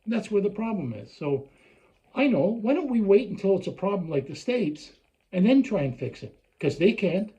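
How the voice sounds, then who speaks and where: A man's voice: high voice, big pitch swings, normal speed, warm tone, rough recording. An older man from Canada delivering an angry, sarcastic ranting monologue, often mocking others in put-on voices. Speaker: vlogger.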